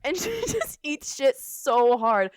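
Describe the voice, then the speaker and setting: High-voiced young woman telling a story. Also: takes it slowly, clean tone, no echo, studio quality. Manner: animated, laughing storyteller with lots of "like". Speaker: podcast co-host. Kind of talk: casual storytelling chat.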